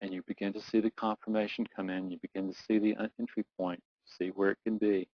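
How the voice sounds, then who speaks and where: A middle-aged man, a performance coach, leading a guided visualization exercise, talking slowly and soothingly, repeating phrases and building up to urgency. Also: on the low side, little pitch movement, no room sound. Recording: dull lo-fi dry recording.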